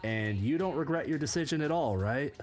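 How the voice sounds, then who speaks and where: A woman delivering comedic commentary as the host of a reaction video, her tone sarcastic and mocking. Her pitch swings widely as she exaggerates, and faint music sits under her voice. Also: expressive, a little fast, a little mellow.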